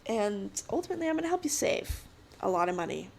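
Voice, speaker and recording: A woman's voice: medium pitch, sing-song, quick pace, vocal fry, darkish tone, slight background noise. A woman in her twenties hosting a casual solo podcast, chatty and giggly, giving an encouraging pep talk. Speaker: podcast host.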